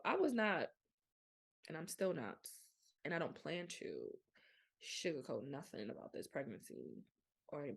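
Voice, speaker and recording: Woman, young adult, low pitch, vocal fry, candid casual chat. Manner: frank, animated storytelling with colloquial speech. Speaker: podcast host.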